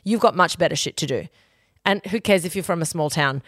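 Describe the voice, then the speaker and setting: A woman's voice: on the low side, brisk, dry recording, clean studio sound. Blunt, sweary woman podcaster. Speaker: podcast host giving advice. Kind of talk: casual advice podcast.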